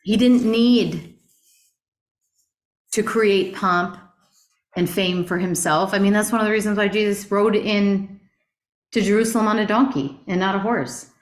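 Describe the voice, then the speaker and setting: Middle-aged female Bible teacher, animated and earnest, mid-pitched voice, echoey room. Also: measured pace, pauses often. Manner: earnest, animated storytelling with rhetorical questions. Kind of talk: conversational Bible class teaching. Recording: roomy echo.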